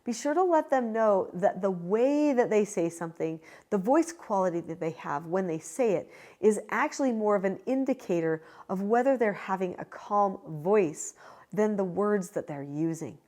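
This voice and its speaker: A woman hosting her own channel, giving parenting advice in a calm, measured and directive way. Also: medium pitch. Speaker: parenting educator and channel host. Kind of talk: direct-to-camera advice talk.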